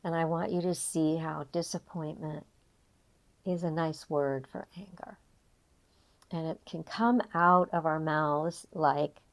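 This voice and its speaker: An older woman coaching an emotional tapping session, reflective and gently guiding, with frequent pauses. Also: deep voice, fairly even intonation. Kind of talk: guided tapping session talk.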